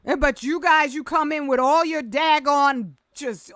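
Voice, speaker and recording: A woman with a high voice delivers an impassioned vlog rant, emphatic and sarcastic by turns. The sound is close and dry, with no room around her. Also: expressive, slow, few pauses, a bit bright, dry recording. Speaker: vlogger.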